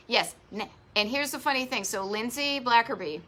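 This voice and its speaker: A woman's voice: fairly high pitch, normal speed, bright, forceful tone, slight background noise. Bubbly woman with a Boston accent. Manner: bubbly, enthusiastic, rambling asides. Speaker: host of a retro travel live stream. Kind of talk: chatty live stream monologue. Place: home garage office.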